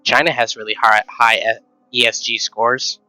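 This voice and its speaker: A man's voice: mid-range voice, level tone, normal speed, sharp tone, no room sound, faint music behind, poor audio. A man streaming live, ranting in a casual, sarcastic, rambling way and swearing now and then. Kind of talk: casual rant while streaming.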